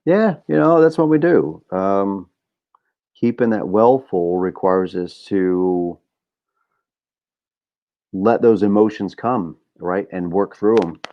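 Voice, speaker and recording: A man's voice: sits low, lively intonation, slow, pauses often, lo-fi sound. A middle-aged man hosting a podcast, talking in a candid, rambling way with lots of fillers and swearing. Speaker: podcast host. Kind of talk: casual monologue.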